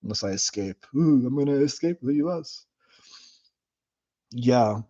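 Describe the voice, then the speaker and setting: A man hosting his own livestream, chatting casually with viewers in a blunt, profane and animated way. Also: medium pitch, a little slow, long pauses, highs cut off. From United States. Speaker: livestream host. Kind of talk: casual livestream chat reading comments.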